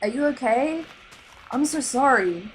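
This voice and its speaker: A woman's voice: high-pitched, lively intonation, measured pace, faint music behind, rough recording. Woman doing a fretful clownfish dad. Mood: worried. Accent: Australian. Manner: fretful and urgent. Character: anxious protective male clownfish father. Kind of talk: storybook read-aloud.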